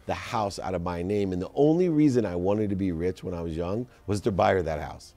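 A deep, warm-toned man speaks in a relaxed podcast conversation. He tells stories and leans on his advice by slowing down and stressing each point. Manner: storytelling, slows down to stress advice. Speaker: guest entrepreneur.

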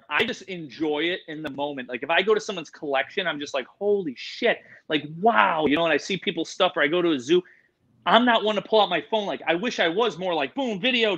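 A man, an animal expert, telling animated, slangy stories in a casual interview, full of "dude" and "like". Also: fairly high pitch, muffled recording. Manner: animated, excitable, slangy, says "dude" and "like" a lot. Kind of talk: casual storytelling in a podcast interview.

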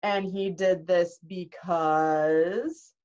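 A woman doing a stern, slow-spoken male teacher. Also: on the low side, fairly even intonation, darkish tone. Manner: slow, measured, formal. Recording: dull lo-fi recording.

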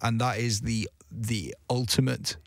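A man's voice: medium pitch, steady tone, a little slow, creaky, no room sound. A young man talking casually as a guest DJ in a radio studio interview, chatty and self-deprecating, with frequent restarts.

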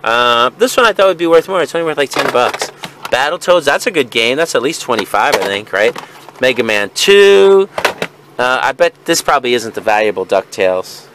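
A man's voice: mid-range voice, expressive, moderate pace, background noise. A young man vlogging as a video game reseller, chuckling and rambling as he goes through a haul in casual banter. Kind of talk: casual vlog unboxing.

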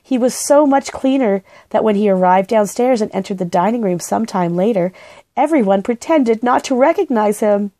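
A woman gently and expressively reading a children's book aloud. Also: medium pitch, expressive, moderate pace, no echo. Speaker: storybook reader.

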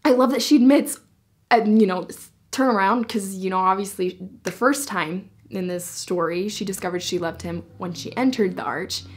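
A young woman excitedly reviewing a novel in a casual vlog, gushing and peppering her talk with "like". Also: medium pitch, moderate pace. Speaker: book reviewer.

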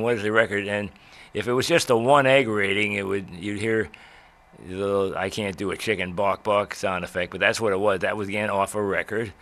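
An older man, a radio veteran, telling old stories in a rambling way with many pauses and restarts. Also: fairly low pitch, a bit bright. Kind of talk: reminiscing talk.

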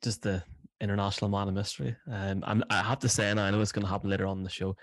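A man's voice: lowish voice, rapid-fire, dry recording, clean studio sound. An Irish man, the show's producer, chatting in playful, teasing podcast banter. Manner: playful, teasing self-flattery. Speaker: show producer.

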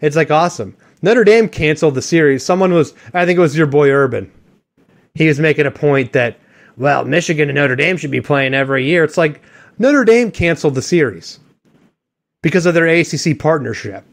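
A man's voice: on the high side, animated, a little fast. A man hosting a sports podcast, rambling and joking in casual chat with a co-host.

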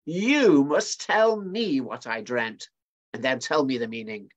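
A man voicing a demanding ancient king who gives stern orders, in a husky voice, while telling a story to a family congregation. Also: medium pitch, a little slow, muffled recording, lightly acted. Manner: stern, commanding.

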